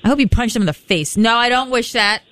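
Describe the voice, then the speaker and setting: A woman in her thirties co-hosting a morning radio show, chatty and expressive. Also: on the high side, no echo. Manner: chatty, expressive, quick to react.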